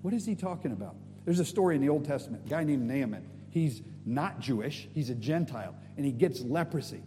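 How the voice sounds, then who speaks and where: A man preaching a sermon, telling stories in an animated way with casual slang. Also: medium pitch, fairly quick, long reverb tail, slight background noise. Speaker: guest preacher.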